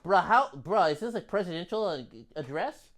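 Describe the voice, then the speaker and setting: A man's voice: high-pitched, lively intonation, moderate pace, fairly bright tone. A young man on a comedic sports debate panel, blunt and heckling in manner.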